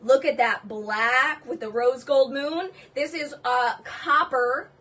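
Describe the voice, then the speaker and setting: A woman hosting a live jewelry sale stream, gushing and excitable, exclaiming over each piece. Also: high voice, takes it slowly, breathy edge, far from the mic.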